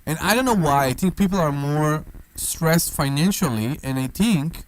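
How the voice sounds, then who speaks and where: A man's voice: on the high side, normal speed. A man who is an English speaker co-hosting a radio talk show in a studio, talking playfully and with feeling. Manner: animated, playful, non-native phrasing.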